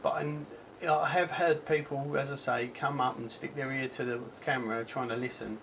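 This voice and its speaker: A man with a Cockney accent talks through a gadget review in a loose, chatty way, stopping for ums and correcting himself as he goes. His pitch sits mid-range for a man. A faint hiss of background noise runs under the recording. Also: fairly even intonation, moderate pace, creaky, a bit bright, rough recording. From England. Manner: rambling, chatty, self-correcting, frequent ums. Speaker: tech reviewer. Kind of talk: casual product review.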